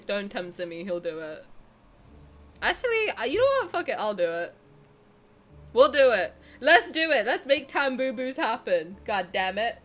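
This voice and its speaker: A woman's voice: a little high, very animated, unhurried, pauses often, fairly bright tone. A young Southern English woman streaming a game, chatting casually in a bubbly, giggly, self-mocking way. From South of England.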